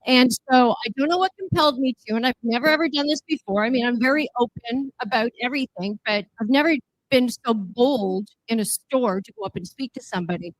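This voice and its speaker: A woman speaking as a city councillor at a gala, telling an animated personal story with emphatic repetition. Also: a little high, no echo, poor audio. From Canada. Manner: emphatic, repeats key lines.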